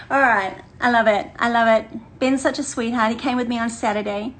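An older woman, chatting warmly and energetically to a women's church group, laughing often and repeating phrases. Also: a little high, fairly even intonation, fairly quick, poor audio. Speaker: women's ministry leader. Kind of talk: casual livestream chat to a women's group.

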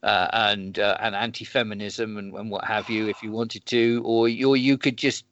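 A man's voice: fairly low pitch, steady tone, normal speed, a bit bright, dry recording. A man co-hosting a casual chat, rambling through explanations with many restarts. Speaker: podcast co-host. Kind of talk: casual chat planning a role-play. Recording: dull lo-fi sound.

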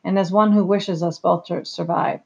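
A proud young princess giving orders in formal, imperious speech, as a reader voices her. The voice is gravelly and mid-pitched. The recording is slightly muffled. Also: steady tone, moderate pace, a little mellow. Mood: commanding.

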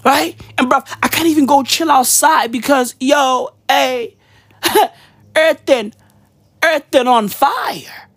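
Woman, comic rant, slangy and profane, slow delivery, dry close sound. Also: high voice, no echo. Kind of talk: comedic rant to camera.

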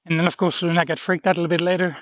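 A man's voice: a little high, little pitch movement, racing, no room sound, lo-fi sound. A shaken man rambling about a dog fight, swearing under his breath and trailing off. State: shaken, adrenaline-pumped. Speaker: vlogger. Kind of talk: shaken personal vlog after a dog fight.

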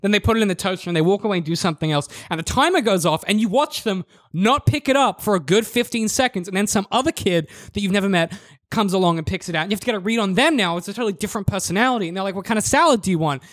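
A man with a high voice speeds through an exasperated rant, acting out little back-and-forth exchanges as he goes. The sound is close and dry, with no room around it. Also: very fast, fairly bright tone, no echo. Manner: ranting, swearing, acts out quoted exchanges. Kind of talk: casual podcast chat.

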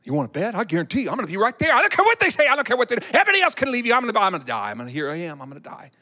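A man's voice: high voice, huge pitch swings, racing, sharp tone, exaggerated voice. A man voicing an impetuous, boastful male disciple who protests insistently. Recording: echoey hall.

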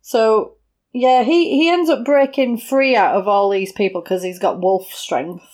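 Woman, casual film-chat co-host, lively retelling voice. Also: on the high side. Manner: chatty, retells scenes with quick voiced quotes. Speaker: podcast co-host.

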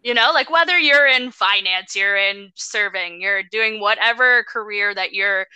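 A woman hosts a conversational interview and responds to her guest in a supportive, reflective way. Her voice is very bright and smooth, with a crisp tone. The sound is close and dry. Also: mid-range voice, measured pace, dry recording, rough recording. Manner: supportive, reacting with short interjections.

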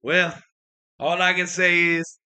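A man co-hosting a comedy podcast, telling tall tales with loud, animated outbursts. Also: high-pitched, slow pace, clean tone, dry recording. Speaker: co-host.

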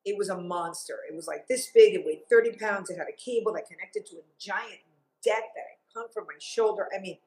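A woman's voice: medium pitch, brisk, poor audio. A middle-aged woman from Cuba, a TV journalist, talking emphatically as a guest in an interview. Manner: animated, emphatic storyteller. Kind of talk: interview conversation.

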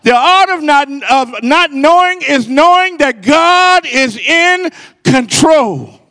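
A middle-aged man preaching with a bright, high voice that rises into impassioned peaks. He takes his time, letting each phrase land slowly. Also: expressive. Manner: impassioned rising cadence, then hushed and soft. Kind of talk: sermon.

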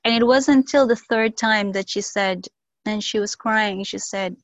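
A woman sharing personal reflections slowly on a video call, with many pauses and fillers. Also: mid-range voice, dry recording, lo-fi sound. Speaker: workshop participant sharing.

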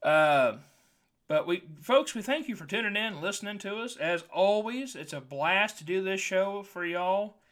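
A man's voice: sits high, lively intonation, moderate pace, a bit bright. Folksy man telling a joke. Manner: folksy storyteller, drawling casual phrasing. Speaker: podcast co-host and pastor. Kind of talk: casual joke telling and sign-off.

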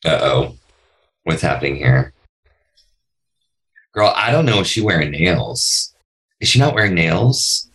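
A man's voice: low-pitched, very animated, measured pace, long pauses, fairly bright tone. A man co-hosting a casual recap podcast, chatty and campy, with playful asides. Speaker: podcast co-host.

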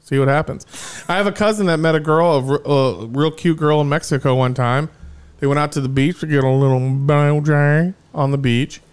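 Podcast co-host, young man, slightly raised pitch, jokey storyteller who laughs a lot. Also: fairly even intonation, moderate pace, clear, resonant tone. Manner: joking, laughs often, rambling stories. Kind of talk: crude casual chat.

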